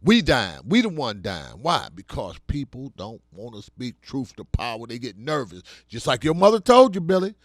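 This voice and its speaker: A man, talking like a preacher in conversation and rising to loud, emphatic bursts. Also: medium pitch, sing-song, moderate pace, hardly any pauses, dry recording, studio quality.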